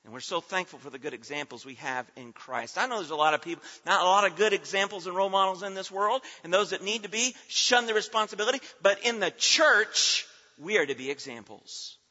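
A man delivers a sermon with a high, ringing, bright voice. His phrases build through rhythmic repetition and then drop back. The sound is dull and lingers in a reverberant sanctuary. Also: animated, fairly quick. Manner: emphatic, rhythmic repetition with swelling and dropping delivery. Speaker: preacher. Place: church sanctuary.

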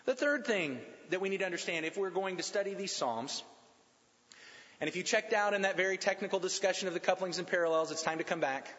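A man preaching a sermon in an animated, emphatic way, slowing down and repeating lines to drive points home. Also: high voice. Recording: dull sound with long hall reverb.

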